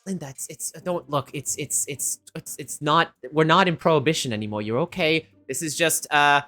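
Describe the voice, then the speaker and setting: A flustered grown daughter who stammers and apologizes as she speaks quietly, as a woman plays her in a tabletop game. Her voice is low and soft. Faint music plays behind her. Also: moderate pace.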